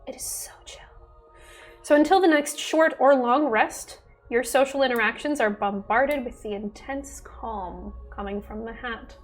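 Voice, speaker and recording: A woman narrating a tabletop game as dungeon master in an amused, lively way. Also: fairly high pitch, measured pace, few pauses, soft background music.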